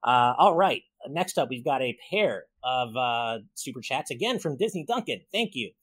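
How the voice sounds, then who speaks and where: Upbeat and thankful, the host of a laid-back gaming podcast reads his super chats aloud, naming supporters and their messages. He speaks at a normal speed in a medium-pitched voice that's lively, a bit bright, and slightly rough. The recording has no room sound.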